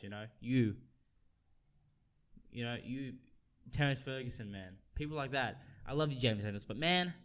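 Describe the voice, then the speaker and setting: A young man from Australia hosting a solo sports podcast, talking in an animated, heated way with many restarts. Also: medium pitch. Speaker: podcast host.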